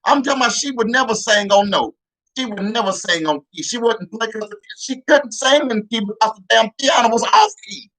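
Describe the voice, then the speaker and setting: A man's voice: extremely high pitch, fairly quick, fairly bright tone. A man telling comic childhood stories in a rambling, profane way with many restarts. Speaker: comedian. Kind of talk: comedic storytelling.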